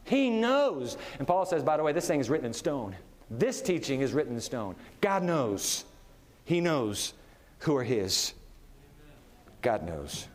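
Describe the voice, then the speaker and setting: A man preaching a sermon in a lively, conversational style, chuckling often as he goes. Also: on the high side, unhurried, a little hiss or hum. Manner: animated, conversational, laughs often. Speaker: pastor. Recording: long reverb of a big hall.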